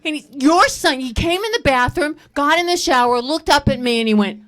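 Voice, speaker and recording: A middle-aged woman performs stand-up at a live fundraiser, her voice sitting a little above the usual pitch. She tells her stories with animation and breaks into laughter along the way. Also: brisk. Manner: animated storytelling with bursts of laughter. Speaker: stand-up comedian. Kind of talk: stand-up comedy set. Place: comedy stage at a live fundraiser.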